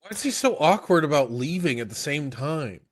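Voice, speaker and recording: A man's voice: fairly high pitch, sing-song, moderate pace, dry recording. A man co-hosting a podcast, joking and swearing casually about an anime episode and mocking himself. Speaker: podcast co-host.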